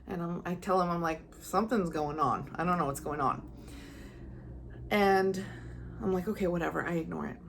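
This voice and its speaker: A young psychic medium talks casually to camera in a low-ish, creaky voice at a moderate pace, with long pauses and slight background noise. She earnestly relates a personal story to viewers, acting out her thoughts with feeling.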